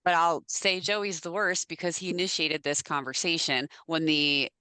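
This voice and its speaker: Woman, low voice, dry close sound, casual podcast chat, animated storyteller. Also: moderate pace, clean tone, dry recording. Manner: animated storyteller, swears freely. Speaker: podcast co-host.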